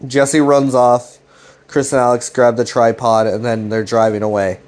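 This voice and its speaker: Man, casual recap, rambling, swears a lot, retells dialogue loosely, mid pitch. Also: darkish tone. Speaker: commentary channel host. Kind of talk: casual recap of a web series.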